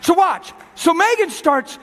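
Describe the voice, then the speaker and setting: A man preaching an animated sermon to a crowd, acting out voices along the way. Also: very high-pitched, measured pace, in a large hall, a little hiss or hum. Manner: animated, exhorting, acts out voices. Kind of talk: lively sermon with acted skits.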